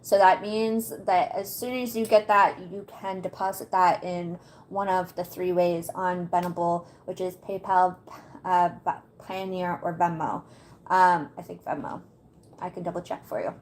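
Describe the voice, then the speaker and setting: A woman's voice: lowish voice, flat delivery, measured pace, slight background noise. A woman hosting a live stream from home, walking viewers through a website in a chatty way and laughing often as she talks to her chat. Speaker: livestream host. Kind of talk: casual livestream walkthrough.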